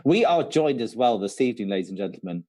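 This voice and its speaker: Lively low-voiced Shrewsbury man hosting. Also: fast, dry recording. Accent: Shrewsbury English. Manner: chatty, laughs often, hesitant with "um". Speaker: quiz co-host. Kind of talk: casual live-stream quiz banter. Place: office.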